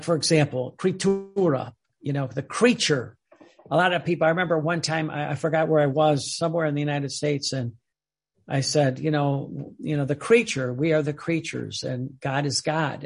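A man's voice: a little high, vocal fry, slightly rough. A man giving an earnest religious teaching, often repeating and restarting his words. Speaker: preacher.

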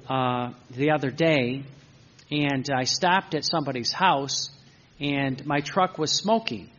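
A man's voice: a little high, fairly bright tone. A man teaching a seated group in an informal spiritual talk, rambling through anecdotes with self-corrections and joking asides. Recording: dull lo-fi recording.

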